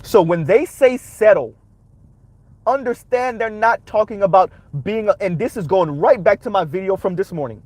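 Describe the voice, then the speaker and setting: A man's voice: high voice, normal speed, darkish tone, dry recording. A man hosting a reaction commentary, talking emphatically and punctuating his points with rhetorical "right?"s. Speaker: commentary channel host.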